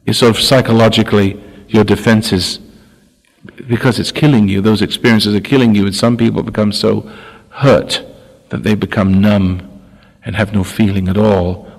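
A man's voice: lowish voice, steady tone, moderate pace, vocal fry. An older man giving a spiritual talk, often stopping, restarting and repeating words. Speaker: spiritual teacher. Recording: long hall reverb.

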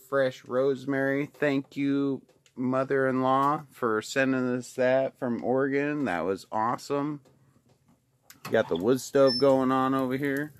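Foul-mouthed man ranting at home. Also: medium pitch. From Alaska. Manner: profane, swearing constantly, grows into loud angry ranting. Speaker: vlogger. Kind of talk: casual ranting monologue. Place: home kitchen by a wood stove, indoors.

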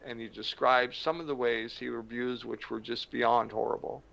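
A man with a mid-pitched, gravelly voice tells a story slowly and dramatically, leaning on pauses for effect. The recording is dull and lo-fi, with the top end muffled. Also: little pitch movement, fairly bright tone. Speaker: motivational speaker. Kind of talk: storytelling talk to camera. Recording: dull lo-fi sound.

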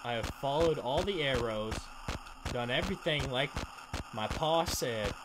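A young man giving horror game commentary, jumpy and swearing a lot, shouting when startled. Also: medium pitch, animated, unhurried, heavy background noise. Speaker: gaming channel host.

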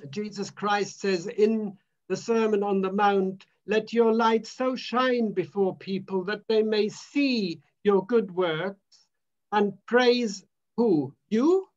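A male minister delivers a sermon at a very unhurried pace, leaning on repeated phrases with emphatic weight. The recording is dull and lo-fi, with a muffled top end. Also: high-pitched, darkish tone.

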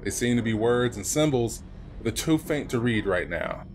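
A man's voice: mid-range voice, sing-song, normal speed, slight background noise. A man playing a horror game and commenting, jumpy and nervous, swearing and reading the on-screen text aloud. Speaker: let's play host.

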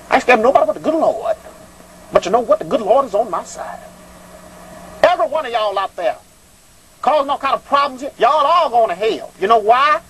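Casting: high-pitched male call-in host, preachy rants, flirty croon, faint hiss. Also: lively intonation, fairly quick, pauses often, a bit bright, rough recording. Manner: preachy, rambling, hollering rants. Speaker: call-in show host giving readings. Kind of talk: call-in show talk.

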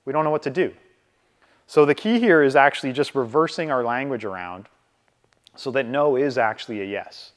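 A man's voice: mid-range voice, moderate pace. A man teaching real estate negotiation in a casual way, acting out bits of dialogue and often checking in with "right?". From Canada. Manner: lively, acts out dialogue, keeps checking with "right?". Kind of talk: casual training talk to a room. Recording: reverberant hall from a distance.

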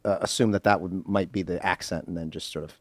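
A man's voice: sits low, fairly even intonation, quick pace, no room sound. A man co-hosting a podcast, joking sarcastically in casual chat. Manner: dry, sarcastic jokes. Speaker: podcast co-host.

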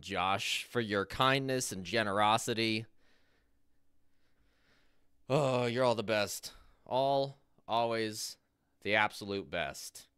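A man's voice: on the low side, slow, pauses often, bright, forceful tone, clear, resonant tone, no echo, clean studio sound. A man live-streaming a game, cheerfully greeting viewers in chat by name while fiddling with his setup.

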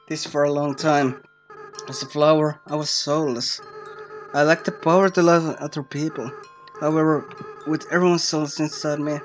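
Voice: medium pitch, a bit bright, lightly acted, low-quality recording. A player voicing a sorrowful young monster boy. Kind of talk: reading game dialogue aloud.

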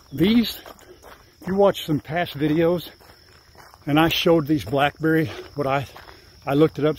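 An older farm vlogger with a fairly high, slightly mellow voice chats casually outside, rambling and coaxing his animals lovingly. Slight background noise is present, including faint crickets and insects.

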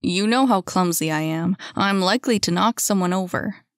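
A woman voicing a clumsy, gentle young man who speaks firmly with a gentle tease. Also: normal speed, no room sound, clean studio sound, close to an everyday voice. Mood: wry. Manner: lowered, firm, gently teasing.

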